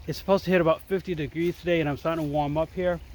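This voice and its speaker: Racing through his words in a slightly high, steady, a little mellow voice, a man talks to the camera for a casual nature vlog at a forest waterfall. He calls his viewers folks and sounds casual and enthusiastic, with running water behind him and poor audio.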